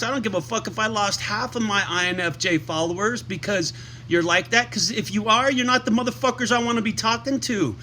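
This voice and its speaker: A man's voice: high voice, brisk, sharp tone, slight background noise. A man vlogging to his followers, ranting with heavy profanity and emphatic, heated delivery. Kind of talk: casual rant to camera.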